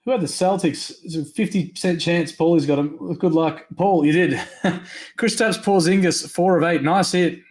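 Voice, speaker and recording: A man hosting a live trading card break, rattling off names quickly and upbeat, his voice going hoarse. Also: on the high side, darkish tone. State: losing his voice.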